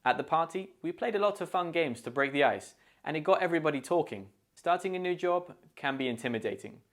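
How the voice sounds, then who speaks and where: A man's voice: fairly high pitch, animated. A man with a British accent presenting a scripted English lesson, carefully sounding out phrases to show their stress and pronunciation. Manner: slow, deliberate modelling of pronunciation. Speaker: English teacher.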